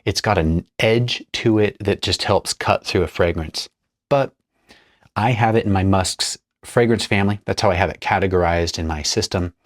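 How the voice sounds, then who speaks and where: A perfumer talks through a blend while mixing, describing the materials in a relaxed, think-aloud tutorial style. His voice sits low and he speaks at a normal speed, recorded in studio quality with no echo.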